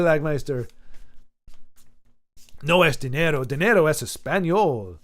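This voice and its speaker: A man's voice: on the high side, moderate pace, long pauses. A man casually chatting with viewers on a live stream, joking and answering the chat aloud.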